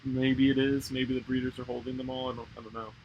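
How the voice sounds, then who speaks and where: A young man co-hosting a podcast, chatting casually and telling animated stories with frequent swearing and laughter. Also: mid-range voice, quick pace, muffled recording, slight background noise. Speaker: podcast co-host. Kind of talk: casual chat.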